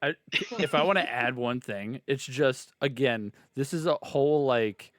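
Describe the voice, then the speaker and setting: A man's voice: mid-range voice, measured pace, fairly bright tone, no room sound, studio quality. A man playing in a tabletop game who chats casually, laughs often and explains his character's actions. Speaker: player.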